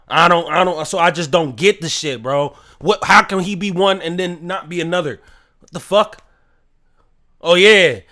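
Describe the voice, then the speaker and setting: A man's voice: high-pitched, bright, forceful tone. A man hosting his own podcast, ranting solo in a profane, incredulous commentary. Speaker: podcast host.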